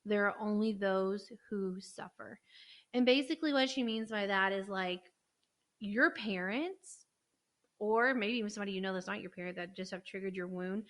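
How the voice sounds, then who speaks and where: A woman's voice: mid-range voice, a little fast. A woman co-hosting a podcast, chatting casually and explaining ideas from a book, with lots of "like" fillers. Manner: relaxed, explaining, frequent "like" fillers. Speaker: podcast co-host. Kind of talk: casual chat.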